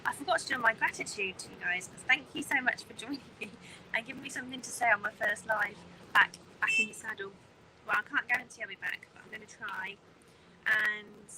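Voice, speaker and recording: A mid-range female voice from England chats casually with her livestream audience, naming people as they drop in. She's on a bus in traffic, phone in hand, so the recording carries vehicle noise from the engine and road.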